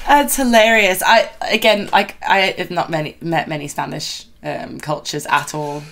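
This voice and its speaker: A woman co-hosting a reaction video, chatting and musing out loud. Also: lowish voice, steady tone, moderate pace, vocal fry, a little hiss or hum. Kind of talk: casual reaction chat.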